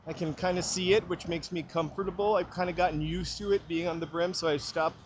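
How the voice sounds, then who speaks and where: A man's voice: a little high, steady tone, a little fast, slight background noise. A man hosting a walking livestream, chatting and joking in a rambling way outdoors on a city street, with a small mic clipped to his hat brim. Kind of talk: casual chat while walking.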